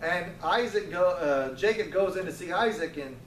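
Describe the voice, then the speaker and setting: A man with a fairly high voice leads a relaxed Bible class, chatty and quick to toss in jokes and restart his sentences. He sounds roomy and a little far from the mic. A faint room hum sits behind him. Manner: conversational, joking asides, frequent restarts. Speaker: Bible study teacher. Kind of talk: casual Bible class teaching. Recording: roomy, distant, faint ambience.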